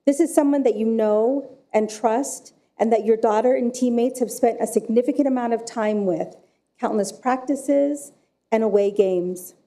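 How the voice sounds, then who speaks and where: A woman, a director of forensic services, giving prepared public comment at a council meeting in a slow, measured storytelling delivery. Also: fairly high pitch, mellow.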